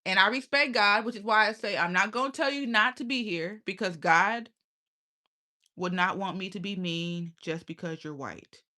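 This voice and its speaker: A woman's voice: mid-range voice, normal speed, sharp tone. A young adult woman talking casually and bluntly on a livestream, often profane and laughing. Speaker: live streamer.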